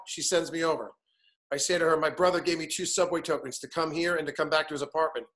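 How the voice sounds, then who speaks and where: A man's voice: a little high, fairly quick, a bit bright. A man in his fifties, a guest in casual conversation, telling an anecdote animatedly and acting out the other people in it. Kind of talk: casual storytelling chat.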